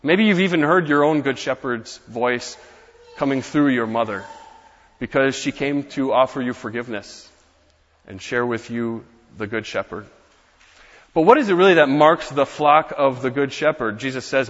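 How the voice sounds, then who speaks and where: A man's voice: medium pitch, normal speed. A young male pastor delivering a sermon, earnest and building to emphatic rhetorical questions. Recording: muffled, echoey church hall.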